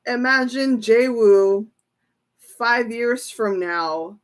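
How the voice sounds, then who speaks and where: Casting: young woman tarot reader, unhurried delivery, giggly and excitable, casual stream chat. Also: a little high. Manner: giggly, excitable, laughs often between phrases. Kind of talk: casual livestream tarot reading.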